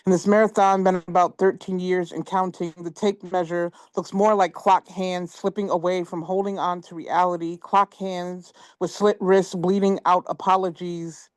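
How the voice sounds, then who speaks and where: Woman poet, spoken word reading, measured pointed delivery, lower pitch, dry video call audio. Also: level tone, clean tone, no room sound.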